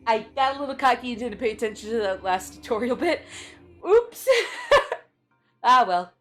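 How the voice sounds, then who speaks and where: A woman's voice: on the high side, lively intonation, moderate pace, faint music behind. A young woman streaming a video game, chatting playfully with her viewers and laughing often. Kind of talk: casual gameplay commentary.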